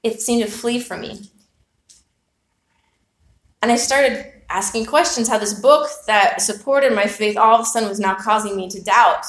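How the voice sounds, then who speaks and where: A woman's voice: mid-range voice, moderate pace, fairly bright tone. A woman preaching a sermon, telling a personal story with earnest, reflective rhetorical questions. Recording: echoey room.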